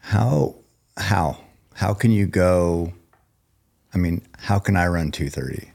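Male podcast host, deep voice, rambling questioner, lots of listening sounds. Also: lively intonation, takes it slowly, creaky, a little mellow. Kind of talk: interview questions.

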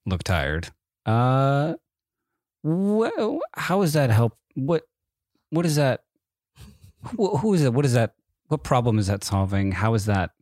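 A man's voice: medium pitch, big pitch swings, unhurried, pauses often, darkish tone, no echo, clean studio sound. Man ranting in exasperated questions. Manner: rambling, exasperated rhetorical questions. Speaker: podcast co-host. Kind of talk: casual chat. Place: in bed at home.

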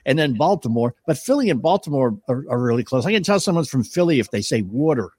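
A man's voice: mid-range voice, sing-song, quick pace, darkish tone, husky, no echo. A middle-aged man co-hosting a talk show in casual chat, full of jokes and punchlines. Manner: joking, punchline-driven. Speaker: co-host.

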